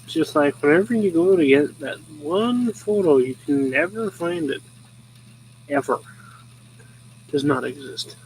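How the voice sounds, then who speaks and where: Flipping through old photos at his rural home, a young man hosting a show chats casually and chuckles as he rambles. His fairly high, slightly mellow voice moves a little slowly with long pauses, and the poor audio carries a faint hiss or hum.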